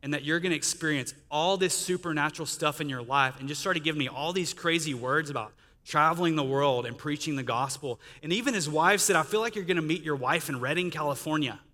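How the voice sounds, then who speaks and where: Man, chatty preacher telling his story, bright tone, long hall echo. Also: fairly high pitch, brisk. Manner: conversational storytelling with quoted dialogue and laughter. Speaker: guest speaker sharing testimony. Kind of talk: testimony sermon. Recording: reverberant church hall.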